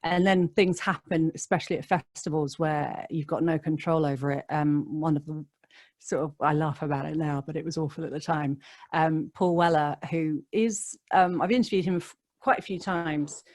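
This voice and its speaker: A woman's voice: low voice, moderate pace. A woman, a radio DJ, chatting as a podcast guest and telling stories with frequent laughs. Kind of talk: casual interview chat.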